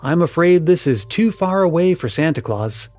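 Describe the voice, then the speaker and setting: Man reading a caring fifteen-year-old girl, soft-spoken, storybook. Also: fairly high pitch, animated, normal speed, soft background music, close to an everyday voice. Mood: gentle.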